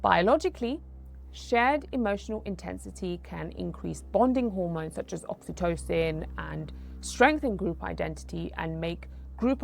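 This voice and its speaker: With a medium-pitched voice touched by vocal fry, this doctor and host, a woman in her thirties, leads an educational talk. She explains in a conversational manner, sharing personal anecdotes along the way.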